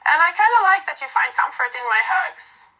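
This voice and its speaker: A woman voicing a fond, teasing young woman who gently comforts a clingy partner in a romantic audio role-play. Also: very high-pitched, sing-song, normal speed, pitched above the performer's own voice, full character voice, low-quality recording.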